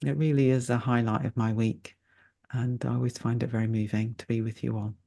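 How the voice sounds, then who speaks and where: A woman's voice: rumbling low, little pitch movement, brisk, creaky, dark tone. A woman in her later years, a meditation teacher, chatting casually and laughing at herself while closing a live online session over a video call. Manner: chatty and self-deprecating, laughs easily.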